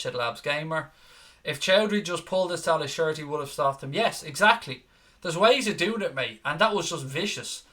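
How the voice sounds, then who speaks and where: A young man hosts a post-match football live stream, reading viewers' comments aloud and answering each one with quick, cheeky banter. His voice is bright and forceful, sitting a little high for a man. He is battling a stomach virus but keeps the excitable chatter going. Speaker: football channel host reading live chat.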